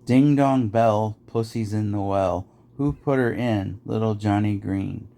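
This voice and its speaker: Low-voiced guy with a gravelly edge reading nursery rhymes in a sing-song beat. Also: measured pace, dark tone. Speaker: podcast host.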